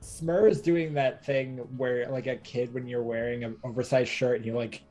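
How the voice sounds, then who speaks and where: A woman playing a tabletop game, speaking casually with halting restarts. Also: extremely low pitch, steady tone, warm tone, soft background music. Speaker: player.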